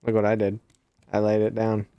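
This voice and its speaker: A man in his forties hosting a game stream, easygoing and quick to laugh. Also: on the low side, completely flat delivery, dry recording, lo-fi sound. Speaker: streamer host. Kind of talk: casual gaming chat.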